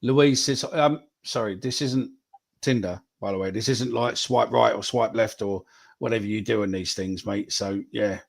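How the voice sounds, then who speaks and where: A man's voice: lowish voice, moderate pace, gravelly. A man, hosting a casual live podcast chat, swearing freely as he reads out viewer predictions. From England. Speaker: podcast host.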